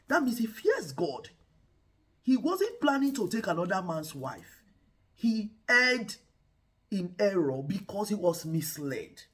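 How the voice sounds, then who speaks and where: Woman, relationship advice host, preacher-like, lively pitch swings, husky. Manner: animated, preacher-like, addresses viewers as guys. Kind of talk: preaching-style relationship talk.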